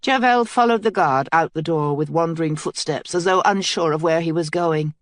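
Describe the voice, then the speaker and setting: A woman reads the narration of an epic fantasy audiobook in a measured, steady voice. Her voice sits somewhat low for a woman. The studio sound is dry and close, with no room echo.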